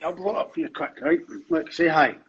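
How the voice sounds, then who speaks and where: A man's voice: fairly high pitch, brisk, lo-fi sound, heavy background noise. A man hosting a podcast, chatting casually and laughing easily on a call. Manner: chatty, laughs easily, distracted by home visitors. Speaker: podcast host. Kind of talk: casual chat.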